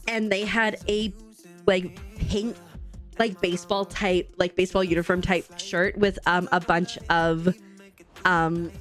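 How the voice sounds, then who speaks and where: A woman's voice: mid-range voice, a bit bright. Bubbly young woman chatting on stream. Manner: bubbly, rambling, reads and answers chat. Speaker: livestream host. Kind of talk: casual chat with live chat while crafting. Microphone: desk streaming mic.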